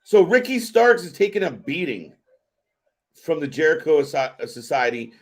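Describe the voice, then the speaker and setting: A man hosting a live wrestling watch-party stream, giving excitable, profane reaction commentary. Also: on the high side, normal speed. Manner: excitable and profane, swearing often.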